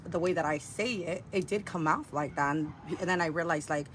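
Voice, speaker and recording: A woman's voice: sits low, brisk. Rambling woman on a noisy livestream clip. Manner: meandering, heavy fillers and profanity. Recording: livestream clip with vehicle noise.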